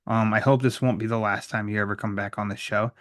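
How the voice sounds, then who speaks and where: A man's voice: fairly low pitch, fast talker, dry recording. Guy hosting a podcast, chill and rambly, lots of ums, dry close mic. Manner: relaxed, rambling, frequent fillers and jokes. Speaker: podcast host. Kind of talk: casual podcast chat and outro.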